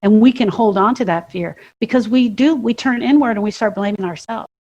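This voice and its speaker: A woman's voice: on the high side, fairly quick, darkish tone, highs cut off. A woman co-hosting a podcast, talking about grief in an emphatic way and building her points through repetition and questions. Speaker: podcast co-host. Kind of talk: reflective conversation about grief.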